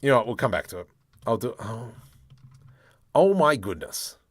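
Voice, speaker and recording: A man demonstrating 3D modeling software, thinking aloud in a playful way and muttering keyboard shortcuts and mild exclamations as he works. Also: medium pitch, sing-song, normal speed, slightly rough, no room sound. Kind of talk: screen-recorded software tutorial, thinking aloud.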